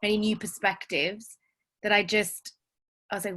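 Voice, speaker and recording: Female teacher on a call, reflective, filler-heavy, mid-pitched. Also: fairly even intonation, normal speed, pushed and bright. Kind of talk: casual sharing on a group call.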